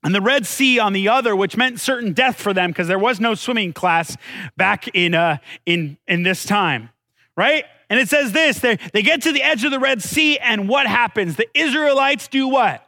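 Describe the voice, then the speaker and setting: A man's voice: sits high, moderate pace, pushed and bright, no echo. A man preaching a sermon in a conversational way, asking his listeners questions and telling the story with dramatic drops in his voice. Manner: conversational, asks the congregation questions. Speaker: pastor.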